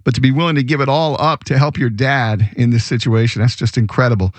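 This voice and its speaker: A male radio host sharing an uplifting story with real enthusiasm. His voice sits at an ordinary mid pitch, and his delivery is admiring and openly moved. It has the easy flow of a friendly on-air feature. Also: fairly even intonation, fast, dry recording.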